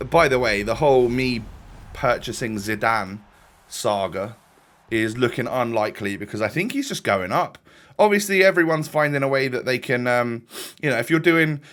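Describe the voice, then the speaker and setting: Gaming host, young man, mid-pitched, casual, rambling, self-correcting commentary. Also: fairly bright tone. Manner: rambling, chatty, self-interrupting. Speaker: gaming YouTuber.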